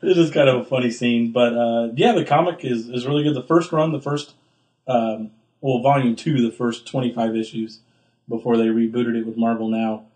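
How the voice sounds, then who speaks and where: A man's voice: fairly even intonation, normal speed, dark tone. A young man co-hosting a casual podcast chat, rambling with lots of fillers. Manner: rambling, filler-heavy, acts out quotes with big pitch jumps. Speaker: podcast co-host.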